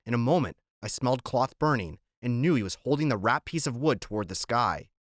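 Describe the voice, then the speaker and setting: A man narrating an audiobook in a measured, even storytelling voice, recorded close on a studio mic. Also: medium pitch, dry recording.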